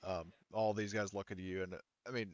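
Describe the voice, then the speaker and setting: A man's voice: low voice, little pitch movement, brisk, no echo, dull audio. A man narrating a tabletop game as game master, rambling and hesitant with many fillers.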